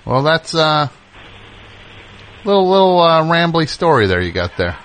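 A man's voice: very animated, measured pace, fairly bright tone. A man hosting a call-in radio show who teases and interrupts his callers. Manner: teasing, interrupting, jumps high in pitch when joking.

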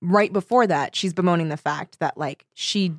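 A woman's voice: lowish voice, moderate pace, no echo, clean studio sound. A woman co-hosting a casual book discussion podcast, chatty and given to reading passages aloud. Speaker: podcast co-host. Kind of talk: casual book club chat.

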